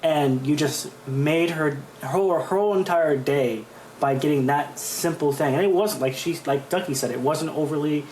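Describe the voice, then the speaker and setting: A man's voice: fairly high pitch, normal speed, a little mellow. Man in a roomy, echoey space. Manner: rambling, repeats himself while searching for words. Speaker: podcast co-host. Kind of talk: casual chat. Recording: roomy echo with faint hiss.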